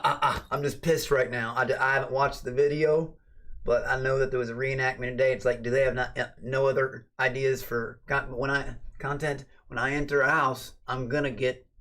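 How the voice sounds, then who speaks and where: A man's voice: medium pitch, fairly even intonation, a little fast, a bit bright. Streamer host, male, mid-range voice; loose, profane, rambling late-night chat. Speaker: livestream host.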